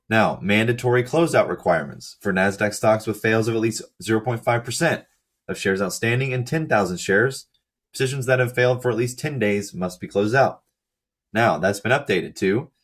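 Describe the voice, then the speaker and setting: Hoarse guy, voice kinda low and going, reading thru paper slides point by point. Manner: methodical, reads out lists and figures with brief asides. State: hoarse, losing his voice. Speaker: channel host explaining research. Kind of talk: walking through slides of a research paper.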